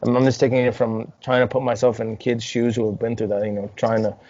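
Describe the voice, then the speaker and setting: A young man hosting a casual podcast, relaxed and profane, asking questions and chiming in. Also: medium pitch, fast talker, no room sound. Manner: relaxed, swears freely, laughs often. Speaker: podcast host. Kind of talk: casual interview chat. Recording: dry dull lo-fi podcast audio.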